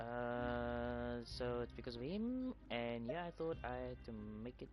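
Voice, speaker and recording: A man's voice: medium pitch, unhurried, dull audio, soft background music. A man streaming a game, reacting bluntly and mocking the characters, with frequent swearing. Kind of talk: gameplay commentary.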